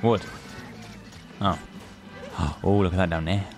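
A man's voice: low voice, fairly even intonation, slow, music in the background. A man, teasing and swearing freely in casual gaming chat. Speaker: streamer.

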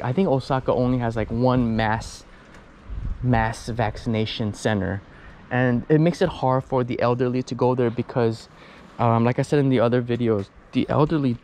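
A man's voice: medium pitch, a little mellow, a little hiss or hum. A man vlogging while riding a bicycle outdoors, talking casually in a rambling way with many fillers and restarts, a little out of breath. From United States. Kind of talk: casual chat while cycling.

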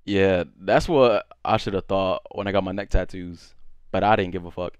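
A man's voice: low-pitched, fairly even intonation, moderate pace, smooth, no room sound, muffled recording. A young man, drunk, chatting casually on a streamed dating show, rambling and stuttering with lots of slang. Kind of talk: casual chat.

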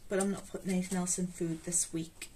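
A Geordie budgeting vlogger counts out cash for her budget, chatting casually and talking to herself in a flat, low-leaning voice. She speaks fast. The recording is clear, with rustling notes audible behind her.

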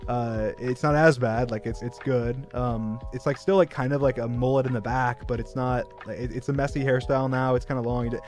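A young man recounting a story off the cuff, voice sitting at an ordinary middle pitch. He rambles and leans on fillers, poking fun at himself as he goes. Faint music plays underneath. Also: steady tone, a little fast, hardly any pauses. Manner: rambling, filler-heavy, self-mocking, breaks into laughter. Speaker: streamer. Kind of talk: casual storytelling on a livestream.

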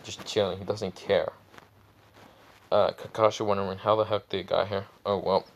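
A man's voice: deep voice, little pitch movement, normal speed, creaky, muffled recording. A man casually retelling a fan story in a rambling, irreverent way, full of fillers.

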